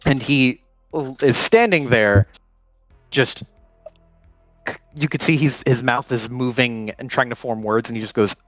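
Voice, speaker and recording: Slow-talking man running a tabletop game. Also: mid-range voice, a bit bright, no room sound, lo-fi sound, faint music behind. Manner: loose, filler-heavy narration. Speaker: game master.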